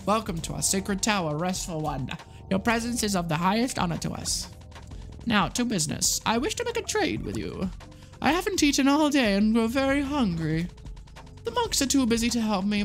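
A woman voicing a grand old male cat elder in a video game, reading his lines formally. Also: fairly high pitch.

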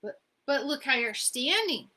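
A woman's voice: high-pitched, sing-song, unhurried, pushed and bright, heavily acted. A woman doing a cheery puzzled stork. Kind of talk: storybook reading.

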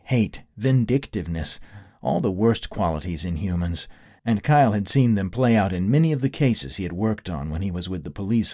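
Low, mellow male narrator. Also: no echo, clean studio sound. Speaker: audiobook narrator. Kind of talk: scripted narration.

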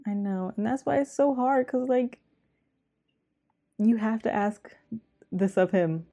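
A young woman hosting a movie reaction, talking quietly and close to a whisper with wry quips. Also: a little high, slow. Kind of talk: hushed movie reaction chat.

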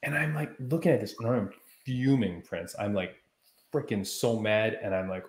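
A man co-hosting a podcast, telling a story in a heated, animated way during casual chat. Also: fairly low pitch, moderate pace, roomy sound. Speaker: podcast co-host.

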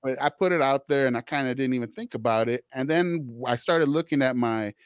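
A man's voice: mid-range voice, a little fast, clear, resonant tone, dry recording, studio quality. A man hosting a social work podcast, talking conversationally and easily with his guest. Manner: conversational, many restarts and you-knows. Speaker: podcast host, social worker. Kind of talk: casual interview chat.

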